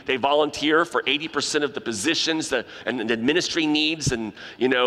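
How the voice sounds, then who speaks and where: A pastor delivering an animated sermon in a church, acting out the voices he quotes. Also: a little high. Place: church sanctuary. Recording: long reverb of a large hall.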